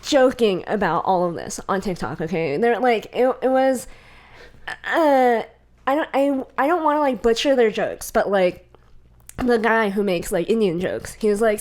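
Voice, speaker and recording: A woman's voice: fairly high pitch, animated, moderate pace, a little mellow. A young woman co-hosting a podcast in casual chat, rambling with frequent laughs and acting out quoted exchanges. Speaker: podcast co-host.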